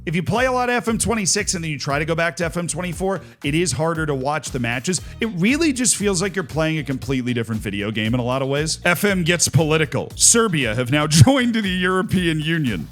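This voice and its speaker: A man with a somewhat high voice riffs through video game memes in a casual, joking way. He swings into exaggerated mock outrage and dry sarcasm. Faint music plays underneath his talk. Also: lively intonation, quick pace, few pauses, fairly bright tone. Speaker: gaming YouTuber reacting to memes. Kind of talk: casual comedic commentary.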